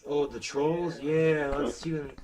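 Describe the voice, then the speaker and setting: A man's voice: fairly high pitch, fairly even intonation, slow, a crowd in the background, pitched above the performer's own voice. A foul-mouthed sneering puppet, as a man puts it on. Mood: taunting. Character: crude sneering male ventriloquist puppet.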